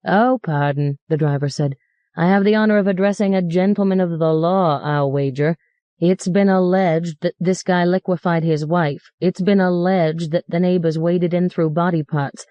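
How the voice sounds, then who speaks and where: A woman's voice: on the low side, steady tone, normal speed, dark tone, no echo, muffled recording, natural voice. A woman reading the part of a sarcastic, foul-mouthed male cab driver who rants in mock-polite tones. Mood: sarcastic ranting. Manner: mocking, ranting, mock-polite.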